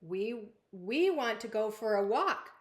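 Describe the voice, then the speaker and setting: A woman voicing a sassy, demanding little girl princess in a storybook read-aloud, with a whiny, drawn-out delivery. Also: on the high side, sing-song.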